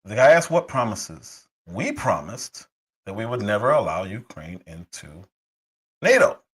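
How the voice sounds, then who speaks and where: A man hosting a political commentary livestream, hoarse from a cold, talking heatedly with rhetorical questions and frequent restarts. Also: on the low side, very animated, measured pace, a bit bright, rough recording. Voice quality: husky. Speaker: livestream host.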